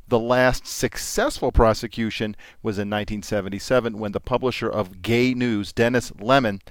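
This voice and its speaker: A man's voice: lowish voice, no room sound. A man hosting a podcast, reading news items in a casual way with dry jokes. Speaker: podcast host.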